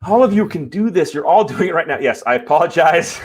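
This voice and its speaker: A man's voice: fairly high pitch, brisk, few pauses, breathy edge. Fired-up man hosting a live stream. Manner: fired up and emphatic; animated, swears and apologizes. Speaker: live show host. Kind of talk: live-stream talk to viewers. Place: home room.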